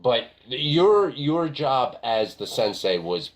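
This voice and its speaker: A man's voice: medium pitch, big pitch swings, slow pace, crowd noise. A man in his thirties co-hosting a podcast, insistent and repeating himself in mock-wounded casual banter. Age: 30s. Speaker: podcast co-host.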